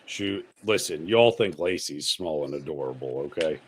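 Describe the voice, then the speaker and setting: A man hosting a casual podcast, telling a crude story with lots of swearing and animated asides. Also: a bass voice, moderate pace, slightly rough. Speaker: podcast host.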